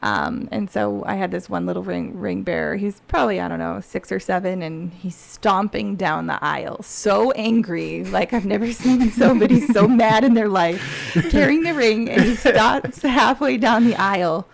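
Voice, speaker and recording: A woman with a slightly gravelly, creaky voice chats as a podcast guest, sharing stories from her wedding planning work. Her pitch sits mid-range, and she talks in a loose, animated way, often leaning on "you know" and breaking into laughter. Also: normal speed, few pauses. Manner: chatty, peppered with "you know". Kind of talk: casual podcast storytelling.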